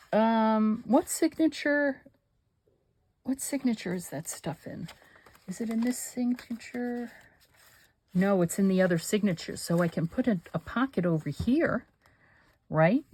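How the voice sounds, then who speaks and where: A woman's voice: lowish voice, a little mellow, husky, no room sound. An older woman hosting a craft channel, chatting casually and rambling to herself as she works. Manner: chatty, rambling, talks to herself while working. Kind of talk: casual chat while crafting.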